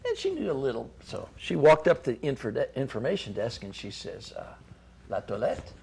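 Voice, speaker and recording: Gravelly middle-aged man giving folksy advice. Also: mid-range voice, sing-song, a little fast, darkish tone. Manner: folksy, repeats words, frequent restarts. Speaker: chamber of commerce representative, guest. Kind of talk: casual talk-show advice.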